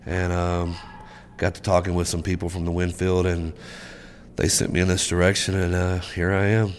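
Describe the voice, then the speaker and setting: A man in his forties, a student, speaking in a halting, plain-spoken way. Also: sits low, monotone, a little hiss or hum. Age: 40s.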